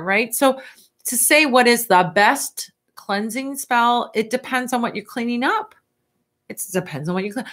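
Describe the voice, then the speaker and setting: A middle-aged woman hosting a casual live Q&A, chatty and animated as she answers viewer questions. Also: medium pitch. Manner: chatty and animated, stretching words for emphasis.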